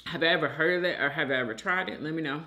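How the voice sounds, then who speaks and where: A woman hosting a mukbang, chatting casually and slowly between bites, humming as she eats. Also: low voice, sharp tone. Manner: slow, chatty, hums with food in mouth. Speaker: mukbang host. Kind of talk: casual mukbang chat while eating.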